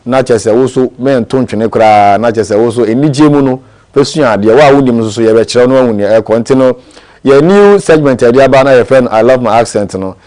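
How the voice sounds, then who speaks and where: A man's voice: mid-range voice, quick pace, darkish tone. A man hosting a TV morning show, talking conversationally.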